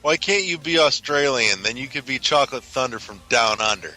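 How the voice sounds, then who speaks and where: A man's voice: medium pitch, expressive, fairly quick, pushed and bright, poor audio. A man co-hosting a casual gaming podcast, throwing in wry wisecracks. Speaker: podcast co-host.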